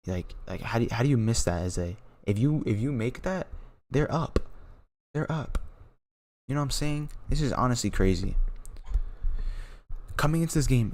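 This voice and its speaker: A young man with a fairly low voice talks through a penalty shootout as a casual live watch-along. He stumbles, repeats words, and swings between hyped shouts and hushed awe. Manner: excitable, repeats himself, trails off into quiet awe. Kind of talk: casual live reaction commentary.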